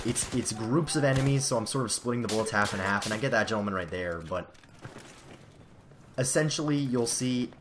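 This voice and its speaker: A man's voice: medium pitch, fairly quick, a little hiss or hum. A teenage boy giving casual, rambling, self-deprecating commentary over gameplay. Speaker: gaming commentator. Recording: game gunfire loud behind. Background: video game gunfire.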